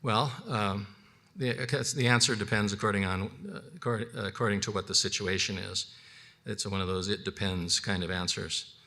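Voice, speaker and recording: Guy teaching a counseling class, low-ish bright voice, chatty, lots of restarts and acted-out back-and-forth. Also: fairly even intonation. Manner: conversational, acts out counseling dialogues; halting restarts and repeated words. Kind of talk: unscripted teaching session.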